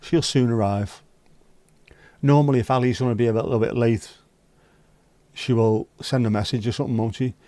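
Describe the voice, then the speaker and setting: A man's voice: mid-range voice, steady tone, moderate pace, pauses often, warm tone, no room sound. A man with a Liverpool accent hosting a casual livestream, greeting viewers by name, bantering and grumbling at his own setup. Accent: Liverpool (Scouse). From Liverpool, England. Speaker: livestream host. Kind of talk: casual live-stream chat.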